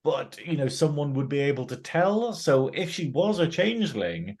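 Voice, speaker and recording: A man's voice: a little high, very animated, moderate pace, a little mellow. A man from northern England co-hosting a casual TV review chat, enthusiastic, laughing often and acting out the characters' lines. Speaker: podcast co-host.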